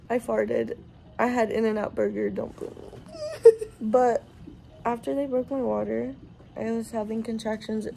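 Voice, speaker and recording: A woman's voice: medium pitch, vocal fry, warm tone, slight background noise. A nineteen-year-old woman vlogging in casual chat from a hospital room, giggly and rambling, with many filler likes.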